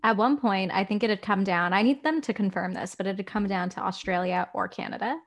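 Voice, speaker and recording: A woman's voice: mid-range voice, brisk. A young woman co-hosting a podcast in casual, playful chat, laughing often. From parents from India. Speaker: podcast co-host.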